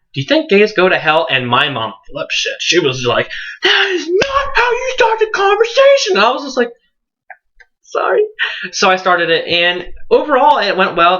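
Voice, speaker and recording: A teenage boy vlogger telling his coming-out story to the camera, animated and earnest, jumping his pitch up high for quoted voices. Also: lo-fi sound. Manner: earnest and tender when encouraging viewers.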